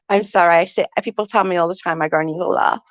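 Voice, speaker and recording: A woman's voice: fairly low pitch, steady tone, quick pace, dry recording. Laughing woman chatting live, muffled sound. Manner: laughs often, swears casually, rambling. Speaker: livestream host chatting with viewers. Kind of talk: casual live chat. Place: at home. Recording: dull, dry lo-fi sound.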